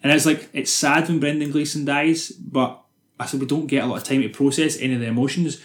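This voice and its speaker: A young man, a podcast co-host, retelling film scenes in quick, sweary casual chat. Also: mid-range voice, steady tone, reverberant.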